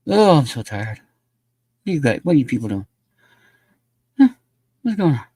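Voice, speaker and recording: A man's voice: on the high side, sing-song, normal speed, long pauses, mellow, breathy edge, dry recording, studio quality. A man hosting a casual livestream, rambling and talking bluntly with plenty of swearing. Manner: profane, blunt, laughing. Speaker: livestream host.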